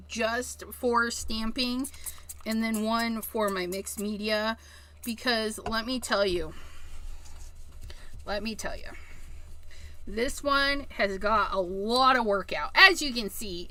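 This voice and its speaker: A woman with a slightly high, bright, tense voice talks slowly through a card-making live stream. She is chatty and giggly, and keeps calling her viewers "you guys" while she works. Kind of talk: casual live-stream craft demo.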